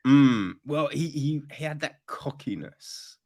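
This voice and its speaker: A man hosting a podcast, talking casually about films in a halting way with many restarts. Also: mid-range voice, expressive, a little mellow. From Britain. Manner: halting, restarts, laughs easily. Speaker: podcast host.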